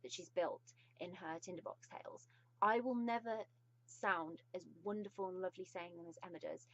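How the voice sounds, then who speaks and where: A woman with a British accent giving a casual video book review, gushing and effusive, with frequent pauses. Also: on the low side, lo-fi sound.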